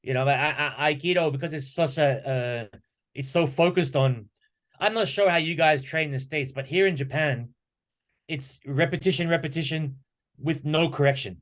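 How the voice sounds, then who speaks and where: A man guesting on a podcast, talking lively and acting out questions and quotes as he tells stories about training. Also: a little high, normal speed. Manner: animated storyteller who acts out quoted questions. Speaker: podcast guest, martial arts instructor. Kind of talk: conversational podcast talk.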